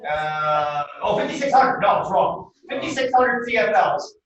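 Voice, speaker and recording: A man teaching a college class, lively and quizzing his students with questions. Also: high voice, a little slow. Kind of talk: classroom lecture. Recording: echoey room, distant dull mic.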